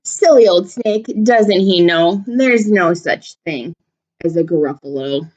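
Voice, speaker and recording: A woman teacher reading a picture book aloud to children, animated and expressive. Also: lowish voice, slow, dull audio. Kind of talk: storybook read-aloud for children.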